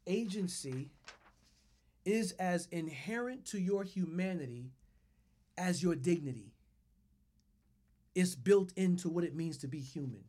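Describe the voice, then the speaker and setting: A man's voice: high-pitched, animated, a little slow, pauses often, warm tone. A man preaching a sermon and leading his listeners through repeated phrases with strong emphasis on each word. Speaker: pastor.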